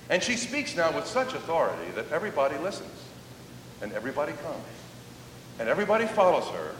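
A male pastor delivering a sermon with animated preaching, slowing down to stress key words. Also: distant mic. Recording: echoey hall, faint rumble.

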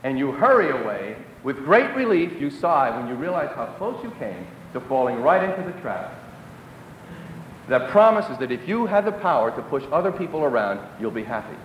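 A man preaching a sermon as a story, dramatic, dropping to hushed lows for emphasis. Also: very animated, moderate pace, a little hiss or hum. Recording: echoey hall.

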